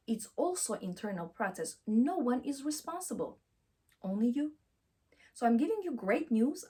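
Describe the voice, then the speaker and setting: A woman's voice: fairly high pitch, slightly rough. A woman giving a motivational self-help talk, emphatic and affirming, who repeats encouraging phrases and speaks English with slightly non-native grammar.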